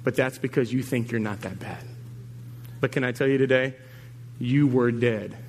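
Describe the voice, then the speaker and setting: A middle-aged man preaching a sermon as a pastor, teasing and animated, dropping low and quiet, then rising high and emphatic. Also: normal speed, long reverb tail, slight background noise.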